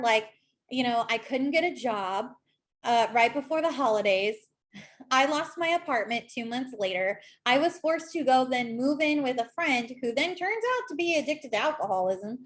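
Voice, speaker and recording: Woman, thirties, tarot reader, slightly high voice, casual and animated, talks straight to camera. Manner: chatty, animated, addresses viewer directly. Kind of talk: casual tarot reading talk.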